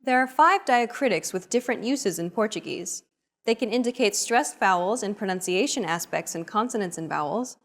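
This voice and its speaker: A woman reading a scripted language lesson, explaining grammar rules in an even, steady voice. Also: mid-range voice, moderate pace. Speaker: language teacher.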